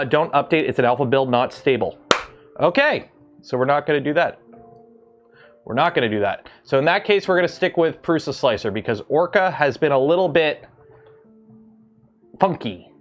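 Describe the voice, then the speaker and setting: Canadian guy livestreaming from his garage, mid pitch, rambly, stops to answer chat, faint music behind. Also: fairly bright tone. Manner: rambling, self-interrupting, reads chat aloud. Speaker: livestream host. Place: home garage.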